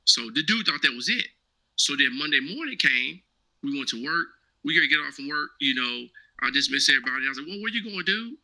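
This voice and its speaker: A man's voice: medium pitch, brisk, bright, forceful tone, low-quality recording. A man, a former Marine, telling a casual story as an interview guest. He talks animatedly, acts out the dialogue and keeps checking in with "right?".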